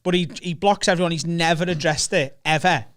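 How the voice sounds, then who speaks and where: A Scouse man, a comedian, telling animated, sweary stories in casual chat on a podcast. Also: on the high side, fairly quick. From Liverpool, England.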